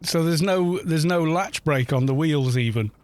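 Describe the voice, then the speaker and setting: A man's voice: on the high side, normal speed, dry recording. A man streaming a game, chatting casually and ranting in mocking disbelief, rambling with frequent restarts. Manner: incredulous, mocking rant. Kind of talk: casual livestream chat while gaming.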